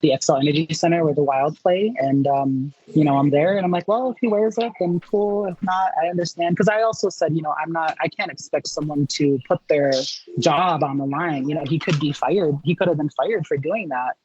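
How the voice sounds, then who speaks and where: A man being interviewed, telling a story in a chatty, animated way and acting out his own reactions in quotes. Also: a little high, a little fast, breathy edge, dull audio. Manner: chatty with many fillers and restarts. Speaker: interview guest.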